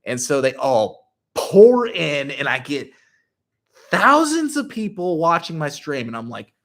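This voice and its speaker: A man's voice: a little high, big pitch swings, unhurried, fairly bright tone. A young adult man on his channel, telling a story casually and animatedly, full of filler words. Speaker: YouTuber.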